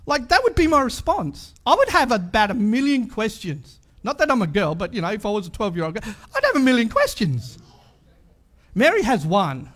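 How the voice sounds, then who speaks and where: A man's voice: sits high, wildly swooping pitch, moderate pace, a bit bright. A man preaching a sermon in a chatty way, full of asides and rhetorical questions.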